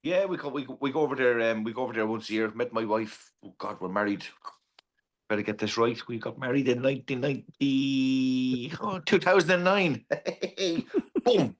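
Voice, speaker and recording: A man's voice: medium pitch, normal speed. An Irish man in his forties, a podcast guest chatting casually and telling stories with many restarts. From Ireland. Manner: rambling storyteller with many restarts. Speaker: podcast guest, pub owner.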